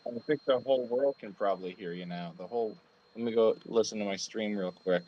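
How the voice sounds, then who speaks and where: A man's voice: lowish voice, fairly quick, lo-fi sound. A man live-streaming, chatting playfully and repeating catchphrases. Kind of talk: casual chat.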